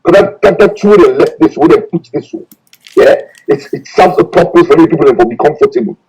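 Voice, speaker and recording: A man calling in to a broadcast, talking in an insistent, animated way. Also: a little high, brisk, poor audio.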